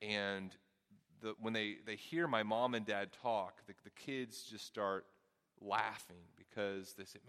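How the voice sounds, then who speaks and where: A middle-aged man preaching a sermon with a softened Southern accent, earnest and repeating words as he thinks aloud. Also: fairly low pitch, fairly even intonation, a little slow. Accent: Southern US, softened by Midwest. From American South. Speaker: pastor. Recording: long reverb of a large hall.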